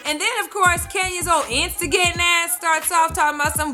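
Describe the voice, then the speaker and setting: A woman's voice: sits high, moderate pace, soft background music. A woman doing a profane, sassy recap vlog of a reality show, acting out what people said. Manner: sassy, animated, acts out quotes. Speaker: vlogger reviewing a reality show.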